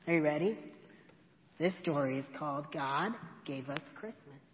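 A woman in a church, reading a children's picture book aloud to kids in an expressive storybook manner. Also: sits low, moderate pace, a little hiss or hum. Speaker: storyteller dressed as an elf. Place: church hall. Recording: dull echoey church hall.

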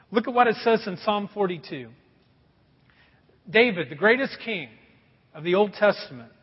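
The speaker is a middle-aged pastor giving a folksy sermon, regularly calling out to his congregation in a high, somewhat husky voice. The recording has a long hall reverb and sounds a little dull, as in a church sanctuary.

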